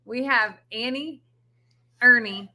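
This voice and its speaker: A woman's voice: fairly high pitch, takes it slowly, sharp tone. A woman co-hosting a casual chat, explaining things patiently and methodically. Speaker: co-host of an animal sanctuary channel.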